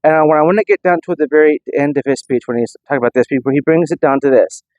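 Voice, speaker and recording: A man's voice: fairly high pitch, racing, a little mellow, dry recording, lo-fi sound. A man casually explaining history inside an old church, rambling with frequent restarts. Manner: loose, rambling delivery with many restarts. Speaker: history vlogger.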